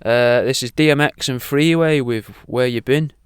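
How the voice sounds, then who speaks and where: A man's voice: medium pitch, normal speed, clear, resonant tone, no room sound, studio quality. A man hosting a radio show, rambling through an irreverent, sweary monologue.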